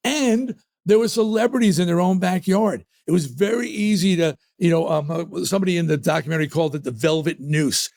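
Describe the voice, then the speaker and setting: Guy from new york, rock singer on a podcast, high voice, punchy emphatic storytelling. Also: fairly quick, gravelly, hardly any pauses, darkish tone. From New York area. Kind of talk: casual interview storytelling.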